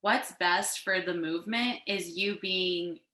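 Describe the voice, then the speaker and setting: A woman co-hosting a casual panel chat from her couch over a video call, animated and talkative, with lots of "like" fillers. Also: lowish voice, takes it slowly, reverberant. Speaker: co-founder and co-host of a design panel. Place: home, sitting on a couch.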